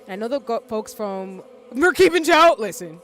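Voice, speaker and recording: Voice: medium pitch, normal speed. A streamer from the Southern United States who chats casually with their viewers while playing a game. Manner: chatty, animated, addresses chat. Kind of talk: casual gameplay commentary.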